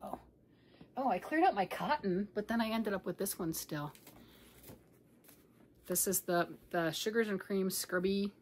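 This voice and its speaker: A woman's voice: mid-range voice, measured pace, pauses often, a little mellow, a little hiss or hum. A grandmother in her later years chatting casually about yarn in a rambling, self-mocking way. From United States. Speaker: yarn crafting vlogger. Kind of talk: casual chat.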